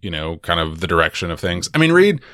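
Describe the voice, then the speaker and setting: A man co-hosting a casual film-review podcast, rambling and animated, laughing often. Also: sits low, fast, no room sound, clean studio sound. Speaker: podcast co-host.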